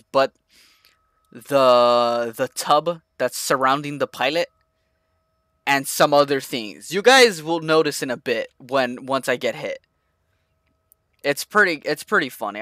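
A young man streaming a flight combat game, talking to his viewers in an excitable, rambling way. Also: medium pitch, dry recording, clean studio sound. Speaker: gaming streamer. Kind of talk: live gameplay commentary.

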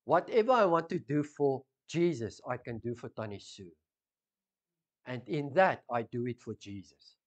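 A man with a South African accent preaching a sermon, swinging from loud emphasis down to hushed intensity. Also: mid-range voice, lively intonation, normal speed. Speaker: pastor.

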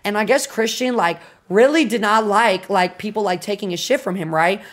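A young woman streamer telling a story to her chat, animated and full of swearing and fillers. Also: mid-range voice, normal speed. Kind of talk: casual storytelling to a live chat.

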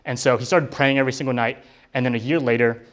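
A man's voice: mid-range voice, fairly even intonation, fast, a bit bright. A young man giving a casual personal testimony to a college group, talking in a loose storytelling way full of fillers like "like" and "um". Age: young adult. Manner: casual, filler-heavy storytelling with many likes and ums. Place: college ministry center.

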